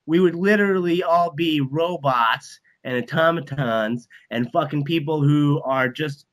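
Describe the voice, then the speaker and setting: A man's voice: a little high, unhurried, a bit bright, low-quality recording. A man who is a band and comedy manager, talking bluntly and profanely as a guest in a casual podcast interview, full of motivational rambling.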